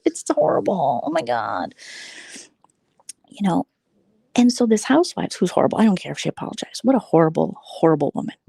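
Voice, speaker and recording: A woman's voice: high-pitched, gravelly, dark tone, dry recording. A woman vlogger in a casual late-night chat, rambling and gossipy, who keeps dropping into a whisper. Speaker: vlogger host.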